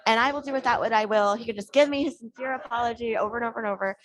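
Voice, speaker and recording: A woman's voice: a little high, very fast. A woman telling a story on a podcast, acting out the lines of the people she quotes. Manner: animated, acts out quoted dialogue. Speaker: podcast guest. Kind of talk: casual storytelling.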